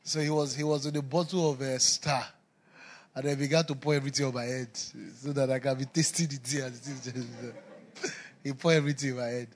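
A man preaching a sermon, telling stories with laughter and swinging between loud emphasis and quiet asides. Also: mid-range voice, steady tone, a little fast.

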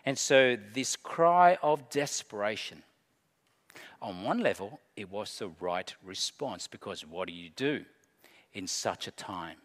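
Lively preaching man in a reverberant hall. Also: fairly low pitch, a little slow. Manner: expressive preaching, acts out frantic cries. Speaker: pastor. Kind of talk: sermon. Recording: long church reverb.

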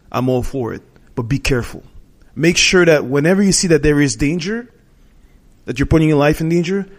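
A man's voice: mid-range voice, a little mellow. A middle-aged man telling a heartfelt personal story as a guest in a conversation, talking earnestly and often restarting and correcting himself.

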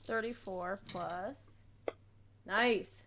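Slow, gravelly woman counting dice. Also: medium pitch, background noise. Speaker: player. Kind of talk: casual chat at a game table.

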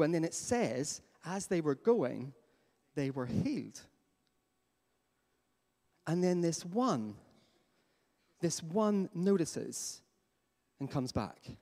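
A man preaching a sermon as pastor in a church, lively and questioning his congregation. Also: on the high side. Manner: animated, asks the congregation questions. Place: church hall. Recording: long hall reverb.

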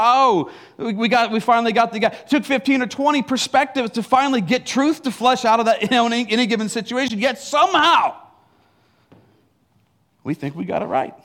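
A man's voice: extremely high pitch, fairly bright tone. A middle-aged man preaching a sermon in a church, telling a story with laughs and acted asides. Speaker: pastor.

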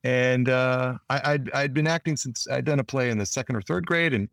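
A man's voice: mid-range voice, moderate pace, creaky, no echo. Rambling man telling stories, dry sound. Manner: rambling storyteller with frequent restarts; acts out quoted lines in lively voices. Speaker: actor guest. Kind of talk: casual interview talk.

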